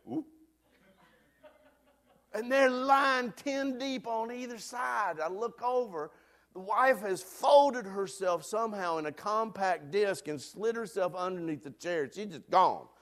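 A man preaching a sermon, telling a lively personal story before turning to a quieter, earnest point. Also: high-pitched, measured pace. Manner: animated storyteller, loud hollering peaks. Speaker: pastor.

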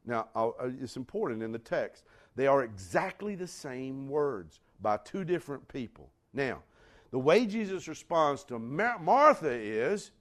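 A man delivers a folksy sermon. His pitch swings widely, and he breaks into sudden loud bursts between homey asides. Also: big pitch swings, moderate pace. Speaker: pastor.

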